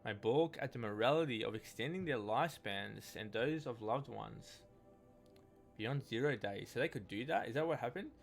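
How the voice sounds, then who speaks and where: A man's voice: medium pitch, expressive, normal speed, creaky, soft background music. A man giving casual gameplay commentary, reading in-game texts aloud in a rambling, hesitant way with many restarts. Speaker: let's play gamer.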